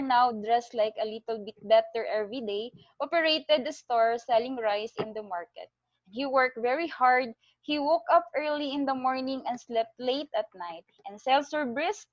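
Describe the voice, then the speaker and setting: A woman with a Filipino accent tells a parable and draws a sermon from it, earnest and expressive, now and then slipping into Taglish. Her voice sits fairly high. The recording is dry and close, with a dull, lo-fi sound. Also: no echo. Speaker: Christian speaker on tithing. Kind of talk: storytelling sermon.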